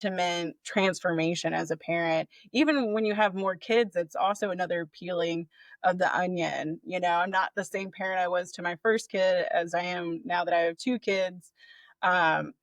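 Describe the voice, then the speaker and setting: A woman's voice: fairly low pitch, moderate pace, dry recording. A woman doula with a slight Southern American accent, talking casually in a podcast interview with lots of fillers. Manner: casual, many fillers like 'like', expressive. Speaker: doula and birth educator.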